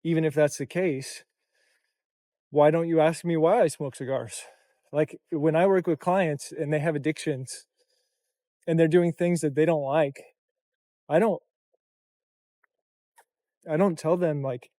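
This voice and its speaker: A man's voice: on the high side, fairly even intonation, a little slow, long pauses, dark tone, no room sound, studio quality. A young man talking to camera in a casual vlog, tired, reflective, and full of loose run-on phrases. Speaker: content creator and coach.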